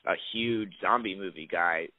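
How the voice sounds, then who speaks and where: Casting note: young man, lowish voice, rambling actor interview over a dry phone line. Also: moderate pace, dry recording. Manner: rambling, many restarts and fillers. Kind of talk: casual interview chat.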